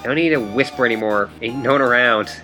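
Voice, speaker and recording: A man's voice: mid-range voice, quick pace, pushed and bright, faint music behind, close to an everyday voice. A man reading as a brash fish-punning troll girl. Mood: cocky. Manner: cocky, slangy, pun-heavy.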